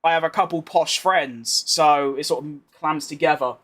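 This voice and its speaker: A young English streamer from London provides live racing game commentary at normal speed, his fairly high voice fairly bright in tone. He answers chat with rambling asides, his London accent lightly posh.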